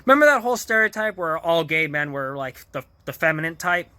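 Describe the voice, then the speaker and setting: A man's voice: on the high side, animated, a little fast, pushed and bright, smooth, no room sound. A man vlogger casually retelling a TV episode in a rambling way, full of fillers, restarts and small chuckles. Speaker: vlogger reviewing a TV show.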